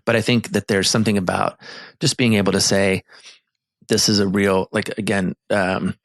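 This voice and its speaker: A man's voice: on the low side, flat delivery, moderate pace, creaky, dry recording, clean studio sound. A man co-hosting a marriage therapy show, explaining in earnest casual chat with many restarts and fillers. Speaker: marriage therapist and podcast co-host.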